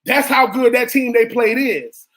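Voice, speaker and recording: A man's voice: very high-pitched, measured pace, fairly bright tone. A man co-hosting a sports radio show, a former college football player making his case with emphatic, repeated points.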